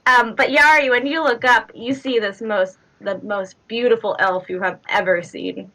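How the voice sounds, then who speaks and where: A woman's voice: on the high side, fairly even intonation, moderate pace, sharp tone, low-quality recording. Giggly woman narrating a tabletop game. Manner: chatty, many fillers and giggles. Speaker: game master.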